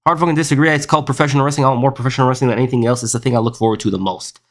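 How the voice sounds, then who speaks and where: A man's voice: medium pitch, steady tone, racing. A young man streaming live, reading chat aloud and riffing on it in a rambling, casual way, often saying "bro" and "listen.".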